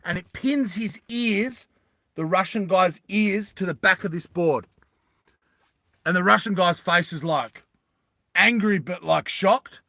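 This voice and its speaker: A man's voice: high-pitched, slow pace, no echo, studio quality. A man animatedly telling a movie story to friends, often asking "right?". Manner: animated, laughing, repeats "right?". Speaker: storyteller pitching a movie plot.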